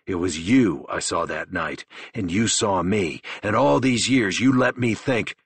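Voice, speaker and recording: A furious young man speaks with low, husky menace, as a deep-voiced narrator plays him. Now and then his voice flares into a shout. The reading is dry and close. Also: unhurried, no echo, exaggerated voice. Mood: angry menacing. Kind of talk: audiobook character voice.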